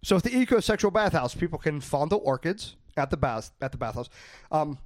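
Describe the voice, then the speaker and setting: A man hosts a comedy show in a lively, bouncy voice a bit higher than most men's. He teases his co-hosts and plays up the jokes, and the sound is close and dry. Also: a little fast, no echo, faint music behind. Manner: playful, teasing, lively delivery. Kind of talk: comedic banter.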